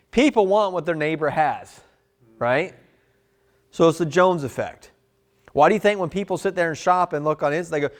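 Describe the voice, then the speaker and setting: An animated man leads a sales training session, talking casually and acting out bits of customer role-play. His voice sits a little on the high side for a man. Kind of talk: live sales training talk.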